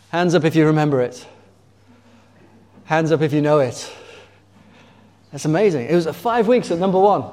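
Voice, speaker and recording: Preacher in a reverberant hall. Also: male voice, on the high side, darkish tone. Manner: conversational, asks the congregation questions. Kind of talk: sermon. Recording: long reverb of a large hall.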